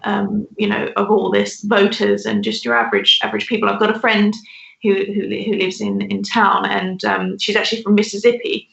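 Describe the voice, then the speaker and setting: A woman's voice: mid-range voice, flat delivery, normal speed, gravelly, fairly bright tone, roomy sound, muffled recording. A woman co-hosting a podcast, chatting in a rambling way with many restarts. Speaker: podcast co-host. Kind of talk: casual discussion.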